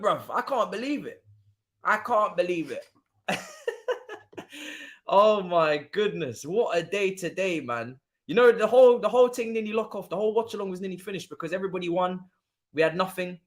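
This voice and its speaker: A man, hosting a football watchalong stream and ranting to mock the rival fans. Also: sits high. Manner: animated, mocking rival fans.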